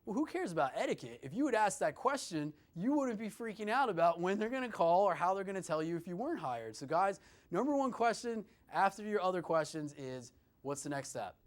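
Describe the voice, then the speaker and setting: A man with a somewhat high voice coaching students on job interviews. He talks in an animated, conversational way, keeps calling the listeners "guys" and leans on "you know" as he goes. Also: brisk. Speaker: career services presenter. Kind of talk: instructional talk to students.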